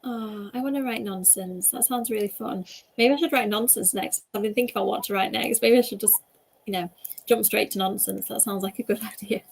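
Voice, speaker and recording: A woman hosts a casual video-call chat, talking in a chatty, rambling way and laughing often. Her voice is medium-pitched, brisk, creaky and slightly rough. She is the host and an author.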